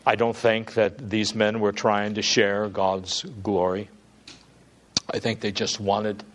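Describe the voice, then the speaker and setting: A man preaching a sermon as pastor in a church, moving from quiet, drawn-out words to loud, high, pleading calls.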